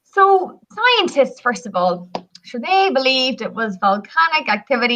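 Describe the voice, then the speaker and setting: A Northern Irish woman chats with enthusiasm on a radio travel show and spins folk stories. Her voice sits high and bright. The recording is dull and lo-fi. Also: normal speed. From Northern Ireland. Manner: lively, chatty, enthusiastic. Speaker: travel company guest. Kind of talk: radio talk show storytelling and pitch.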